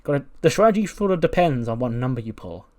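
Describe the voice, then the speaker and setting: A man's voice: mid-range voice, sing-song, quick pace, darkish tone, close to an everyday voice. A man voicing a musing, rambling female wrestler. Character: calm philosophical female wrestler.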